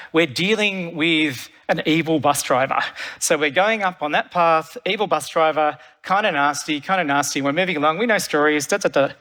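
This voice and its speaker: A man's voice: on the high side, bright, forceful tone. A middle-aged man giving a keynote talk, telling stories energetically and repeating phrases for effect, on a conference stage. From Australia. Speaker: keynote speaker, creative director. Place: large conference hall stage. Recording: long reverb of a large hall.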